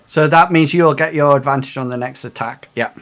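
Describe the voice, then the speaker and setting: A man's voice: a little high, fairly quick, a bit bright. A man running a tabletop game for friends as game master, hesitant and full of ums, joking around. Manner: hesitant, lots of ums, jokey.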